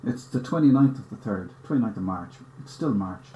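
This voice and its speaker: A man's voice: fairly low pitch, expressive, fairly quick, warm tone, slight background noise. A man opening his podcast, recorded badly on a camera's built-in microphone. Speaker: podcast host. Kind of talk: podcast intro. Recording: tinny roomy sound from a camera's built-in mic.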